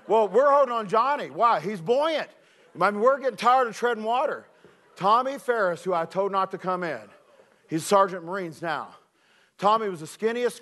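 A man preaching as a youth director, telling a story with animated shouts and earnest appeals. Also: high voice. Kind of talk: sermon with personal storytelling.

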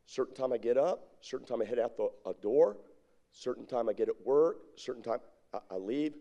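A man's voice: mid-range voice, animated, fairly quick, dark tone. A middle-aged man preaching a sermon as pastor, drawing his congregation in with call-and-response questions.

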